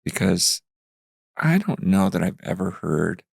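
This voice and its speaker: A man in his fifties, a pastor, telling a story earnestly in conversation, growing animated as he retells it. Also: sits low, unhurried, gravelly, slightly rough, no room sound, clean studio sound. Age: 50s. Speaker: pastor, guest.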